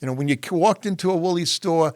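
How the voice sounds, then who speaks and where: A man's voice: on the high side, fast talker, no echo, clean studio sound. A middle-aged man, a guest on an interview show, telling stories in a conversational way and acting out the quoted dialogue. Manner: animated, acts out quoted dialogue. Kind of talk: conversational storytelling.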